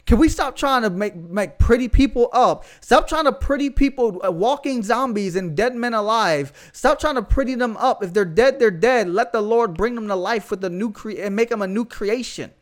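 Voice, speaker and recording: A man's voice: sits high, normal speed, hardly any pauses. A young man with a Southern US accent preaching fervently in a casual, slangy, conversational way. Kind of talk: podcast sermon.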